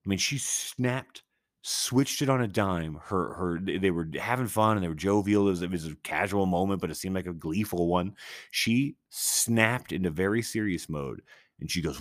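A man's voice: low voice, normal speed, dry recording, clean studio sound. A man hosting a podcast on his own, telling a story casually and rambling with many restarts, swearing and sounding incredulous. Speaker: podcast host.

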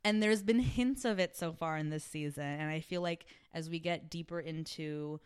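A woman co-hosting a casual podcast chat, her voice on the lower side. It sounds smooth and clear. She rambles in a friendly way with lots of "like" and "you know". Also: moderate pace. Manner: chatty, frequent "like" and "you know". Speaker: podcast co-host.

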